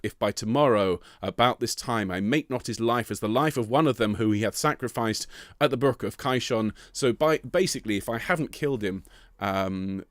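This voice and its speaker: A choir director leading an online soprano rehearsal, giving encouraging instructions, counting in and singing short phrases to demonstrate. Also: male voice. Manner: sings demonstration phrases in a high voice.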